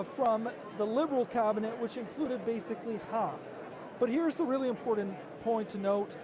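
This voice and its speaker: A male reporter giving conversational live commentary at a government ceremony, reading out lists of names. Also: very high voice.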